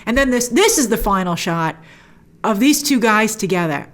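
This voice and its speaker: A woman hosting a casual spoken review of a TV episode, acting out characters' lines and adding frequent asides. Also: mid-range voice. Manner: animated, acts out characters' lines in quick voices.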